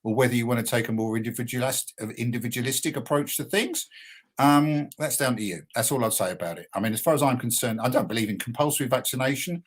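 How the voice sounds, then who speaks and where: A man's voice: mid-range voice, fast talker, breathy edge. An older man, a punk poet and musician, talking earnestly and plainly as a guest in a radio interview. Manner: earnest, emphatic, plain-spoken.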